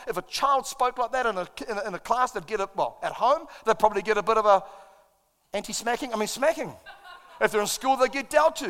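A man's voice: extremely high pitch, a little fast, fairly bright tone. A middle-aged man, preaching a sermon as a pastor in an impassioned, self-deprecating storytelling manner. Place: church auditorium. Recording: long reverb in a large hall.

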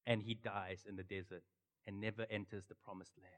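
A middle-aged man preaching a sermon and telling the story with animated swings from loud to hushed. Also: fairly low pitch, a little fast, in a large hall. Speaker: pastor.

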